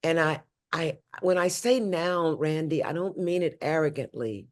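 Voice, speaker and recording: An older woman from St. Louis, a guest talking emotionally in an interview, swinging from loud high exclamations to low hushed tones. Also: measured pace. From St. Louis, USA.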